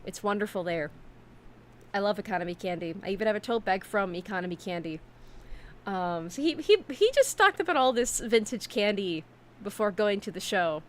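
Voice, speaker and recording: A woman streamer talks on a relaxed chat stream from her home setup, her voice sitting in an ordinary middle register. She tells her stories in an animated, chatty way, full of fillers, restarts and asides to her viewers. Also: mid-range voice.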